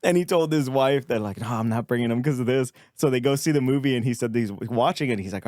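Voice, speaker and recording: A man's voice: medium pitch, fast talker, few pauses, darkish tone, no echo, clean studio sound. Swearing man telling prank stories. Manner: swearing, laughs at his own pranks. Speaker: podcast co-host. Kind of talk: casual comedic storytelling.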